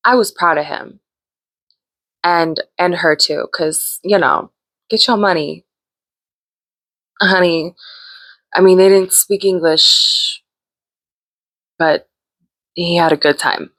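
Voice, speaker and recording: Slow, laughing woman telling a story. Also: on the low side, a bit bright, no room sound. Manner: laughs often while telling a story, acts out what people said. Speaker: podcast host. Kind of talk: casual storytelling.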